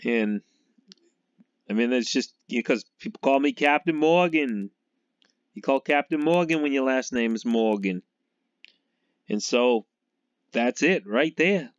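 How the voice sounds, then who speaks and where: A man's voice: mid-range voice, lively intonation, unhurried, pauses often, clean tone, dry recording. A man from Massachusetts rambling through a casual monologue about football, laughing often and trailing off as he talks. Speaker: sports fan vlogger. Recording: dull lo-fi recording.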